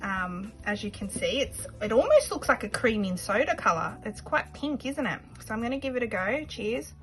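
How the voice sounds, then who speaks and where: A woman chatting casually to camera in a vlog, rambling a little and pausing often with fillers and second thoughts. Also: a little high, sing-song, soft background music, low-quality recording. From Australia. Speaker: budgeting vlogger.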